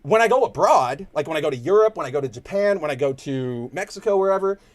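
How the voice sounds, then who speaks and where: A man's voice: on the high side, expressive, quick pace. A young man with a Californian accent, hosting a casual livestream and rambling to his chat in slangy, loose talk. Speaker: stream host.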